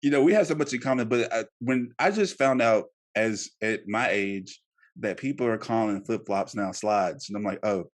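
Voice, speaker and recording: Male podcast host, 30s, lowish voice, animated, laughs often, stumbles over repeated words. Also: moderate pace. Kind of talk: casual podcast interview.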